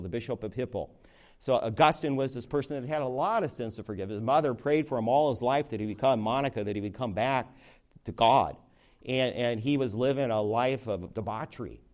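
A man leading a Bible study, teaching in a conversational way with frequent restarts, and rising in pitch to stress key words. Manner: lively, rising emphasis on key words, slows for scripture reading. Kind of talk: sermon-style Bible teaching.

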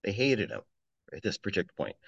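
A man's voice: on the low side, wildly swooping pitch, quick pace, vocal fry, a bit bright, breathy edge, no echo, highs cut off. A man giving a conversational sermon, reading scripture aloud and chuckling between points. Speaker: preacher. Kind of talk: informal sermon on a psalm.

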